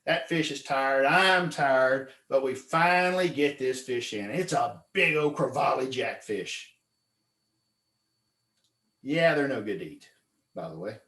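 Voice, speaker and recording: A man telling a fishing story as a club speech, animated, acting out his friends' voices with loud high yells. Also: a little slow, echoey room. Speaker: club speaker. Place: meeting room.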